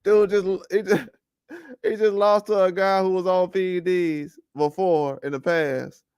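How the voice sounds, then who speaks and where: Male boxing host, high smooth voice, dry close sound, loose rambling trash talk. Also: unhurried, dry recording. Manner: animated, rambling trash talk with frequent laughs. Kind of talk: casual boxing commentary livestream.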